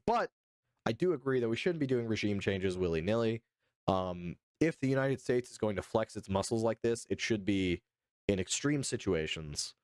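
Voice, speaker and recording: Animated low-voiced man streaming. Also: dry recording, studio quality. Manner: hesitant, repeats himself, swears casually. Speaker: livestreamer reading chat. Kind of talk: casual livestream commentary. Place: home streaming setup.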